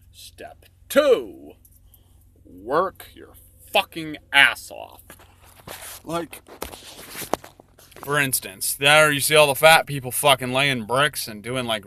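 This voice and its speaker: A man's voice: medium pitch, pushed and bright, no room sound. A man presenting his own illustrated story in crude, rambling comic commentary, swearing constantly. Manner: rambling and profane, many fillers.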